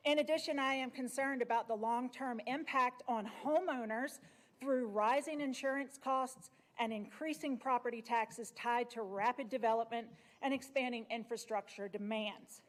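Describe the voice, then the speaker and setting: A woman's voice: on the high side, steady tone, moderate pace. A woman reading a formal, earnest prepared statement as public comment at a county meeting podium. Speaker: resident giving public comment.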